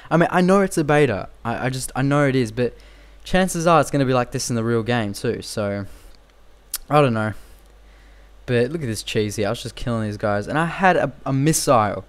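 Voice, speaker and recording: A young man talks over his gameplay in a loose, rambling way, circling back and repeating himself, with "you know" and "like" all through it. His voice sits at a middling pitch for a man. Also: fairly quick, clean tone. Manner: rambling and repetitive, with frequent fillers. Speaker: gameplay commentator. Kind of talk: casual game commentary.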